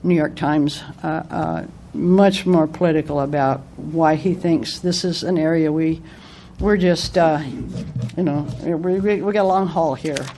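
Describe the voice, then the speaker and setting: Woman, fairly low voice, casual book review, conversational retelling, faint background hiss. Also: fairly even intonation, measured pace, dark tone. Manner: conversational, retelling anecdotes with acted-out quotes.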